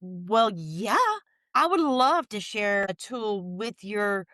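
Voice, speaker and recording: Podcast guest, woman, excited storyteller, dry close mic. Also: medium pitch, slow, no echo. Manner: lively, folksy, talks in bursts with restarts. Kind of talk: animated storytelling chat.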